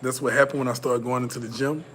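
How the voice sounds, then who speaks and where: A fast-talking Southern American livestream host reads his viewers' chat in a loose, laid-back, foul-mouthed way, repeating and restarting often. His mid-range voice is a bit bright with fairly even intonation, and slight background noise is present.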